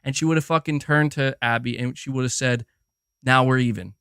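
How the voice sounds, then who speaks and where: A man hosting a gaming livestream, talking in a casual, animated and profane rant, often restarting his sentences and answering chat. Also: mid-range voice, brisk, clean tone, dry recording, clean studio sound. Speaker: livestream host.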